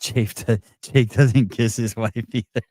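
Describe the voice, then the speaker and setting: Speaking a little slowly at a medium pitch, this middle-aged podcast host keeps a steady, dark tone. The studio-quality recording has no echo as he delivers blunt, profane, rambling commentary on his live call-in show, often starting over.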